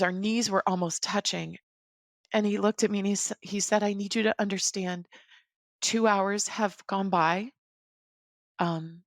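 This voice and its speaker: A woman in her forties, a podcast guest, recounting a personal story in a measured, reflective way. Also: mid-range voice, no room sound, studio quality.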